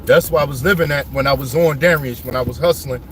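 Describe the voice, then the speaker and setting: A man telling his life story to viewers as he drives around his old city neighborhood, animated and full of street slang. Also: mid-range voice, fast, slight background noise.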